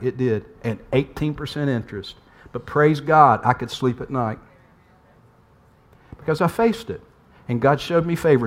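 Male pastor, earnest storytelling preacher with emphatic repetition and a somewhat high voice. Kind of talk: storytelling sermon.

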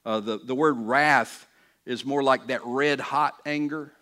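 A man's voice: mid-range voice, steady tone, unhurried, pushed and bright. A man pastor preaching a sermon in an earnest, conversational way, often restarting phrases and building to emphatic peaks.

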